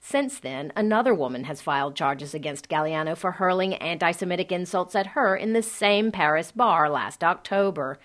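A woman news correspondent reading a scripted report from abroad in a measured, even way. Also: fairly low pitch. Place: on assignment abroad.

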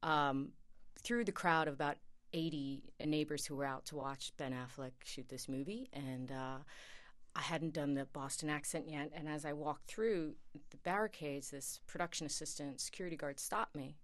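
Woman, from Queens, actress guest, animated storyteller, very low voice. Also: moderate pace. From Queens, New York. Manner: animated storyteller who acts out quotes. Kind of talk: interview anecdote.

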